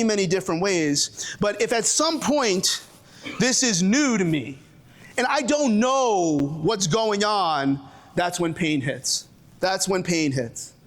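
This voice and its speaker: Brooklyn-accented male presenter, fairly high voice, jokey, stop-start delivery, live seminar room. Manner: joking, with frequent restarts and audience call-outs. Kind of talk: animated live seminar talk. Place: lecture room with a live audience.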